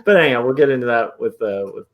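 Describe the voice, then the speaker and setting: A man of medium pitch co-hosts a casual podcast. He sounds upbeat and thinks aloud, with fillers and small asides as he talks through his work. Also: lively intonation, fast. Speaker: podcast co-host and artist. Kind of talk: casual chat.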